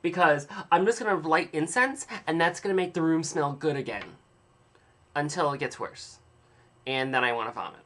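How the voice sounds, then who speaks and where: Bright-voiced young man rambling to camera. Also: fairly high pitch, moderate pace. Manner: dramatic, exaggerated storytelling; playfully self-mocking. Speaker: vlogger. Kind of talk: casual rambling monologue.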